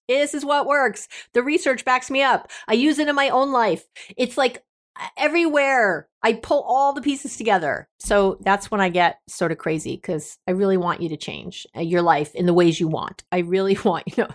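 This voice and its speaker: Emphatic, playful woman podcast host. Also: a little high. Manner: emphatic, bossy and playful, laughs often. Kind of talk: casual self-help podcast monologue.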